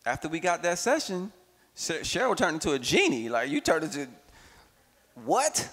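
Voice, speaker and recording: Man speaking with long hall reverb. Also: on the high side. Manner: expressive, swings between playful and slow reflective. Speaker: workshop speaker. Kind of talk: animated personal testimony.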